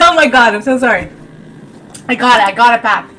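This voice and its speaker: A woman running a streamed tabletop game as game master, chatty, jokey and quick to poke fun at herself. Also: fairly high pitch, expressive, sharp tone, slight background noise. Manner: chatty, jokey and self-mocking. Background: faint dramatic music.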